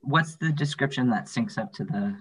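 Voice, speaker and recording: A man in his thirties co-hosting a podcast, chatting casually in a giggly, playful, drawn-out way. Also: medium pitch, expressive, fairly bright tone, slightly rough, low-quality recording. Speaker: podcast co-host. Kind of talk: casual chat.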